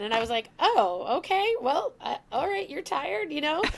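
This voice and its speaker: A woman's voice: high voice, normal speed, vocal fry, few pauses, noisy background. A woman as a podcast guest, telling an emotional personal story and acting out the lines of the people in it. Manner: emotional, animated, acts out quoted lines.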